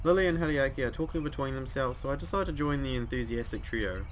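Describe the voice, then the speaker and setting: A man's voice: medium pitch, fast talker, few pauses, slight background noise. A young man reading a visual novel aloud, breaking off into joking, sweary asides. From New Zealand. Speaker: let's play host.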